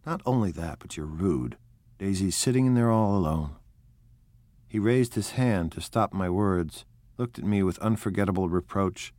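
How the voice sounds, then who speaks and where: A man narrates a novel in a steady, measured, unhurried way. His voice sits low, recorded close with a dry, dead sound. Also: no echo. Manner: measured, even, unhurried reading. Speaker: audiobook narrator. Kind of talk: scripted narration.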